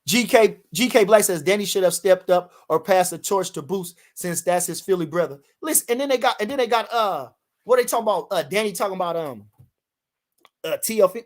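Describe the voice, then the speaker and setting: A man's voice: high voice, a little fast. A man, reading chat comments on a livestream and reacting in a brash, profane way that repeats points for emphasis.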